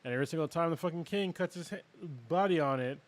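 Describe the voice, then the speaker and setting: A man's voice: fairly high pitch, quick pace. Blunt, insistent casual man. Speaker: podcast co-host. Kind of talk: casual recap chat.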